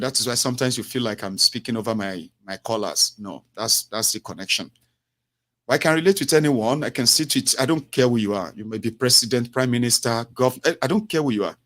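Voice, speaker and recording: A middle-aged man hosting a radio call-in show, expansive and repetitive, tagging his points with "eh?" and "you know". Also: medium pitch. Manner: expansive, repeats himself, tags lines with "eh?" and "you know". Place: home radio studio.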